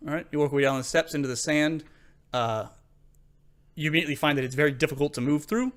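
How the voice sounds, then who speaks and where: A young man narrating as game master in a tabletop game, halting and full of fillers. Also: a little high.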